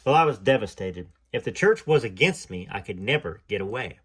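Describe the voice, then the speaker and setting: A man's voice: fairly low pitch, animated, a little fast, a bit bright, breathy edge. A man reading a first-person memoir aloud, with casual wry asides. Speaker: reader of a memoir.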